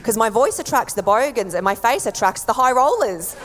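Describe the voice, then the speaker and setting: Australian woman stand-up, high lively voice, deadpan jokes, long echo and loud noise behind. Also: moderate pace. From born abroad, raised in Australia. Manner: deadpan delivery with jumps into high mock voices. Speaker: stand-up comedian. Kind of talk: stand-up comedy set. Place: comedy club stage. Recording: echoey venue with loud background noise.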